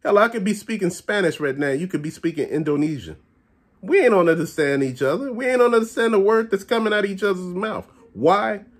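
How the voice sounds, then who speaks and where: Speaking fast in a slightly husky voice, a Chicago-area vlogger rants straight to camera about stores. His pitch rises and falls, and his unpolished, animated delivery is blunt and full of profanity.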